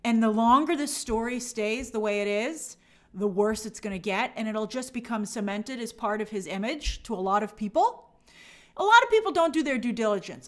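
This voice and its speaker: A woman with a somewhat high voice hosts a live stream. She talks emphatically and with animation, reading out viewer comments and answering them in a casual commentary style. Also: a bit bright.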